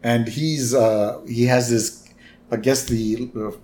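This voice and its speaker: A man's voice: mid-range voice, steady tone, takes it slowly, a little mellow. Man casually recapping a cartoon episode. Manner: retells scenes with quoted lines, fillers and "right?". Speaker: podcast co-host.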